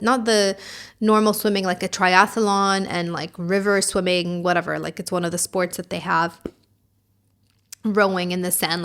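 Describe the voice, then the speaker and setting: A woman hosting a casual podcast, sassy and opinionated, rambling with lots of "like"s. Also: mid-range voice. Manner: puts on a mock French accent. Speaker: podcast host.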